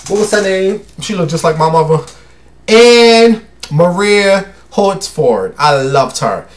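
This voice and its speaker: A man's voice: high voice, expressive, takes it slowly. A young man hosting his own show, chatting casually and dramatically, calling listeners honey and baby. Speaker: host. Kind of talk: casual solo chat.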